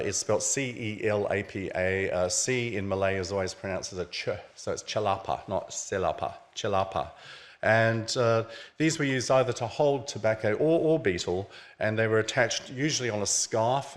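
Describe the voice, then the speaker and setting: A man with a fairly low voice gives a relaxed, explanatory talk at a book launch. He walks the audience through pictures of objects on his slides in a conversational way. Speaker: author presenting his book. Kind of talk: illustrated lecture at a book launch. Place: museum event venue.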